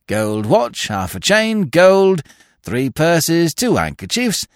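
A teasing jailer, voiced by a man, rattling off stolen items in a raised voice. Lively and swinging in pitch, recorded close and dry. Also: slow, no echo, exaggerated voice. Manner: listing, teasing. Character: gruff, teasing male prison jailer.

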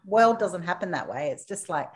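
A woman's voice: lowish voice, lively intonation, moderate pace. A middle-aged Australian woman hosting a casual chat, talkative and open, laughing often. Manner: chatty, laughs often, oversharing. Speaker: host.

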